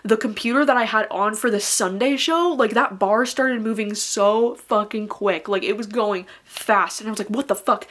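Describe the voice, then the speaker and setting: A woman's voice: mid-range voice, normal speed, hardly any pauses, fairly bright tone. A young woman talking casually to camera as a vlogger, chatty, swearing freely and saying "like" constantly. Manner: chatty, swears a lot, many filler "likes".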